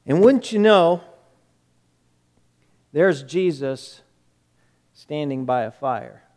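A male preacher retelling a story in a sermon, emphatic, repeating words and dropping quiet. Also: a little high, animated, very slow.

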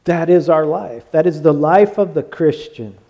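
A man preaching a sermon as pastor, swinging from loud exclaiming to hushed words. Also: a little high, a little slow, gravelly, muffled recording.

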